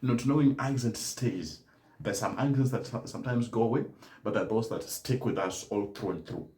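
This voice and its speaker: A man's voice: medium pitch, moderate pace, a little mellow, echoey room. A man teaching German learners in a live-stream talk, speaking emphatically and often adding "right?" to his points. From Kenya. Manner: emphatic, tags statements with "right?".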